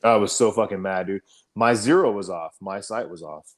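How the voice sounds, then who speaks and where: Low-voiced man telling a war story. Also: normal speed. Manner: profane, animated storytelling, frequent fillers. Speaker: podcast co-host, army veteran. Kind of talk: casual storytelling conversation.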